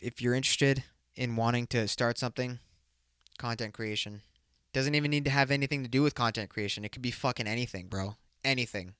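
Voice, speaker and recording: A man's voice: mid-range voice, a bit bright, clean tone, no echo, studio quality. A young man hosting his own podcast, rambling loosely in a casual, profane, bro-ish way. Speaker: podcast host. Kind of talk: casual solo podcast talk.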